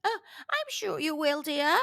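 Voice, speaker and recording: A woman voicing a kindly female giant housewife who speaks slowly and motherly in a storybook reading. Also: very animated, vocal fry, pushed and bright, no echo, exaggerated voice. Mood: fussing. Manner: high, slow and motherly, calls people dearie.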